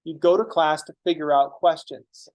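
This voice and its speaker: A young man lectures a college math class with a slightly higher-than-average voice. He talks bluntly and casually, with frequent swearing and joking asides to the students. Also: normal speed, a little mellow, low-quality recording. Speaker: math teacher. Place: classroom, also streamed online.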